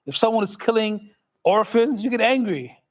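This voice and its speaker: High-voiced imam joking with his congregation. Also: lively intonation, moderate pace, poor audio. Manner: joking, conversational, asks the audience questions. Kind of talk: casual sermon to a congregation.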